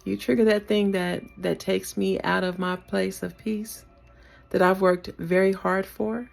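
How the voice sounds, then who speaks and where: A woman's voice: medium pitch, level tone, a little slow, creaky, soft background music. A woman vlogging a reflective casual rant into her phone camera, laughing now and then. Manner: reflective, talks to herself, laughs often.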